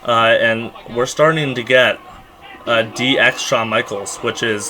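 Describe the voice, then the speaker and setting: A man's voice: medium pitch, steady tone, unhurried. A man co-hosting a podcast, chatting casually and teasing his co-host while giving play-by-play asides as they watch. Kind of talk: casual watch-along chat. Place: at home.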